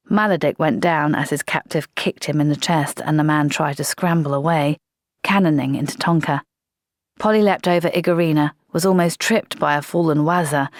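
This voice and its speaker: A woman's voice: sits low, no room sound, clean studio sound. Woman narrating a fantasy audiobook.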